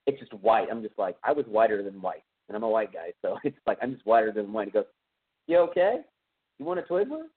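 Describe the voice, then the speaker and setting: Texan male podcast host, casual rambling film recap, mid-pitched, tinny phone-like audio. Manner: rambling, animated retelling with quoted voices. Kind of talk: casual movie recap chat.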